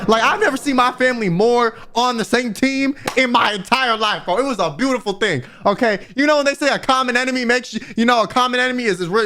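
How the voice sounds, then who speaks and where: A young man telling a wild story to his viewers in a casual, exasperated, animated way. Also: high-pitched. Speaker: vtuber storyteller.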